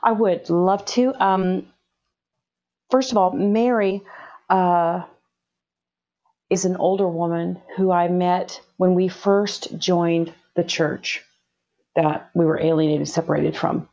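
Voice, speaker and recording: A middle-aged woman, an interview guest, telling a personal story in an emphatic, animated way. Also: on the low side, slow, long pauses. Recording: dull lo-fi audio.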